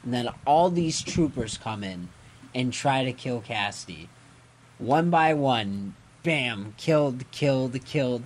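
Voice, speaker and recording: A man's voice: fairly high pitch, measured pace. A man co-hosting a podcast, casually recapping a comic with lots of fillers and self-corrections, acting out characters' lines. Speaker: podcast co-host.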